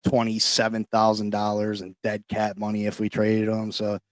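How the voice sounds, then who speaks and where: A man hosting a casual sports podcast, talking in hyped-up slang and shouting out people in the chat. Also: on the low side, monotone, normal speed, no room sound, studio quality. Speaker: podcast host. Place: New York.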